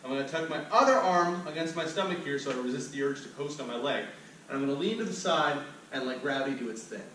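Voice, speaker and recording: This fitness instructor speaks quickly in a slightly high, fairly bright, animated voice, upbeat as he demonstrates cool-down stretches step by step. A little hiss or hum sits under the sound, and the distant mic catches heavy room echo.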